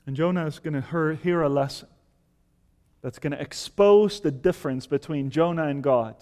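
A male preacher delivers a fervent sermon, his voice sitting high for a man. He swells into loud, emphatic appeals and then drops back to calm teaching. The sound carries a long reverb, as in a large hall. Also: moderate pace.

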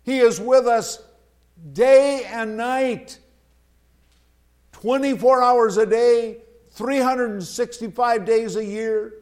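A man delivering a sermon in a high voice. He speaks slowly and deliberately, leaning on repeated phrases for emphasis. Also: steady tone, darkish tone. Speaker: preacher.

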